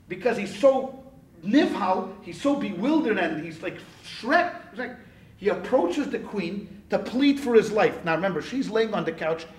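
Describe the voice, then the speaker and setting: A rabbi lectures a class in an animated, joking storytelling manner. His voice sits fairly high for a man and has a husky edge. He talks straight to the room as he teaches.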